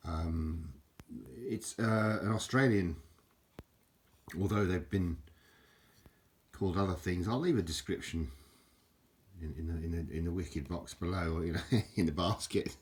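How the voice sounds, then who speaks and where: A man with a very low voice talks casually to a handheld camera at home. His talk stumbles and restarts, full of fillers and chuckling self-mocking jokes. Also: unhurried, long pauses. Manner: drops into mock Aussie slang for fun. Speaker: video host showing an object. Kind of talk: casual rambling show-and-tell. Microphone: handheld camera, filming one-handed.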